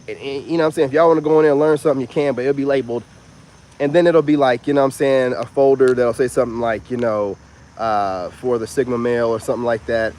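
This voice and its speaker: A man talking as a self-help influencer in a casual vlog monologue. He is animated and rambling, and he keeps repeating "you know what I'm saying.". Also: mid-range voice, fast talker.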